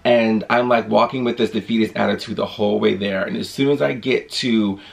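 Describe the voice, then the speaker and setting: A man telling a lively storytime in a casual vlog, acting out quotes as he goes. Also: on the low side, a little fast, creaky. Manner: chatty, animated storytelling with acted-out quotes. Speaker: vlogger.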